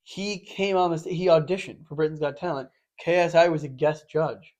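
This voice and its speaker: Rambling young man, animated storyteller. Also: a little high, moderate pace. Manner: rambling, animated, acts out quotes in loud voices. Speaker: podcast co-host. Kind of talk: casual chat.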